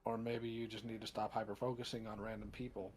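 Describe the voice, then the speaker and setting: A man on a voice call, speaking slowly and firmly in a lecturing tone. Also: fairly low pitch, flat delivery, over music. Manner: firm, slow, lecturing. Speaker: call participant.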